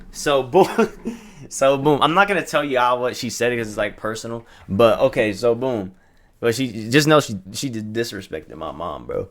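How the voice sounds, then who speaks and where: A young man tells a personal story in a casual vlog. He talks in an animated, slangy, profane way and acts out the quotes, with a voice of average pitch. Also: normal speed.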